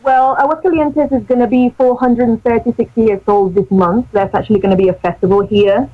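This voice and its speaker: A woman's voice: on the high side, fairly even intonation, a little fast. A young Mexican woman, a radio host and English teacher whose first language is Spanish, chatting in English with a British accent, with lots of fillers. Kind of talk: casual interview chat. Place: radio station. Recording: dry, dull phone-line sound.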